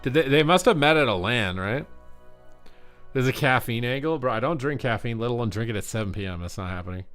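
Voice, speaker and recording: A man's voice: medium pitch, faint music behind. A tired man streaming live, calling game action play-by-play and chatting with viewers. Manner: quick play-by-play, rising excitement on big plays. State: tired, yawning. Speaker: streamer and esports commentator. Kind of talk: live game commentary and chat.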